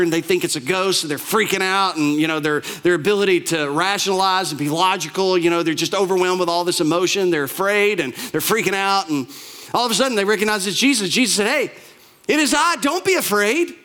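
A man preaching a sermon as a pastor, retelling scripture stories with animated asides and acted-out quotes. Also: high-pitched. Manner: animated storytelling, acts out quoted lines.

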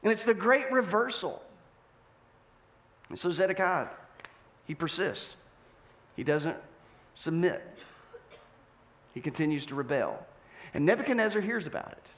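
A male pastor preaching a sermon, telling a story with animated delivery and acted-out scenes. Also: high-pitched, unhurried, long pauses.

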